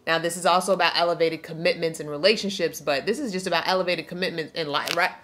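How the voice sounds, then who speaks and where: A woman's voice: on the low side, steady tone, fast, a bit bright. A woman giving a spiritual tarot reading to camera. She preaches in an emphatic, slangy way, reads aloud from a card book, and is tearful. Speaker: tarot reader.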